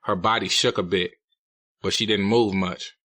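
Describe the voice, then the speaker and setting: A man's voice: fairly low pitch, steady tone, normal speed, bright, forceful tone, no room sound. A man narrating a novel in the first person, in a blunt, profane, streetwise manner. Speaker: audiobook narrator.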